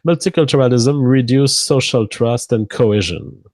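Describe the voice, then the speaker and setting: A man's voice: mid-range voice, normal speed, darkish tone, no room sound. A man with a French accent, co-hosting a casual livestream and reading viewer donation messages aloud, then commenting on them.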